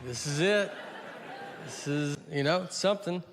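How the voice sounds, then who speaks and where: A man doing stand-up comedy at a live show, telling stories in a low-key, rambling, self-deprecating way into a handheld mic. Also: moderate pace, very noisy. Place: live comedy venue with audience.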